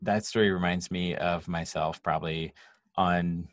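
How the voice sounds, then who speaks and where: A man's voice: low voice, fairly even intonation, a little slow, no echo, clean studio sound. A man hosting a podcast interview, reflective and conversational. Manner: reflective, conversational, uses "like" and "you know". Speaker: podcast host. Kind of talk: casual interview chat.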